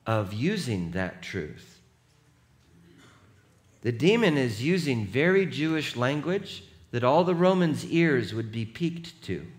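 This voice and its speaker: A male pastor delivering a sermon at a mid pitch. His delivery is animated and emphatic, and he calls on the congregation to join in.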